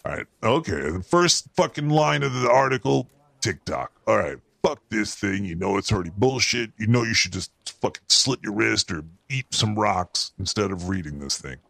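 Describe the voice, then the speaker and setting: In a heavily acted performance, a man voices a paranoid, foul-mouthed cartoon rat who hosts a show and crudely, exasperatedly rants about the news for comic effect. The gravelly voice is lowish, expressive and a bit bright, at normal speed in a dry recording.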